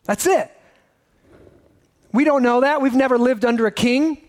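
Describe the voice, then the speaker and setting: A man's voice: very high voice, moderate pace, a little mellow. A pastor preaching a sermon in a conversational way, asking his listeners many rhetorical questions.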